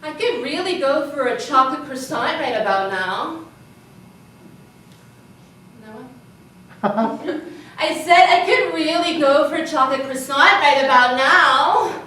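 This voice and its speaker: A woman's voice: high-pitched, expressive, a little slow, fairly bright tone, slight background noise. A woman playing a self-absorbed, ditzy young American tourist on a live comedy stage, bubbly and giggly with lots of filler talk. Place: cabaret piano bar stage. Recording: echoey room from far off.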